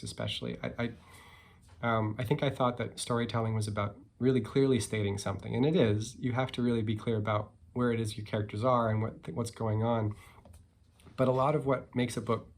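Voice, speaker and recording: Relaxed musing male author. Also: medium pitch. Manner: relaxed, musing, many fillers and hedges. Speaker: picture book author. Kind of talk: casual talk and read-aloud.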